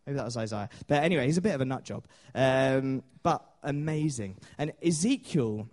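A man's voice: mid-range voice, expressive, normal speed, a little mellow. A man preaching a sermon in a chatty storytelling way, with many fillers and small laughs.

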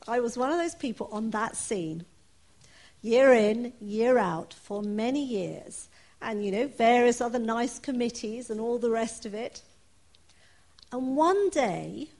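A woman preaching a sermon, reading scripture and then telling her own story in an earnest, personal way. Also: fairly high pitch. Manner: earnest, personal, with soft laughs.

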